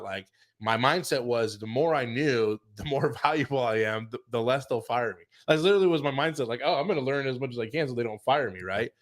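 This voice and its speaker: A middle-aged man telling a casual career story, animated, acting out quotes and saying "like" a lot. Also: mid-range voice, fast. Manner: animated, acts out quotes, many fillers like "like". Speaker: chef and show guest telling his career story.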